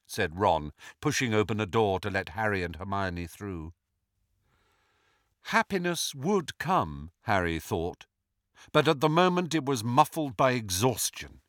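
A man reading a fantasy novel aloud as an audiobook narrator, with expressive, measured storytelling. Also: medium pitch, no echo, clean studio sound. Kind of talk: scripted narration.

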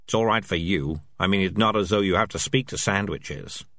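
A man's voice: low voice, fairly bright tone, dry recording, clean studio sound. A man voicing a smug, glib male talking tomcat who justifies himself at length in an audiobook. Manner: fast-talking, self-justifying. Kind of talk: audiobook character voice.

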